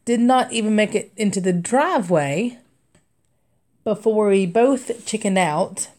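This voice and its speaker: A woman's voice: mid-range voice, expressive, measured pace, a little mellow. A young adult woman hosting a craft livestream, chatting casually and rambling through stories with frequent laughter and fillers. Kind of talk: casual storytelling chat while stitching.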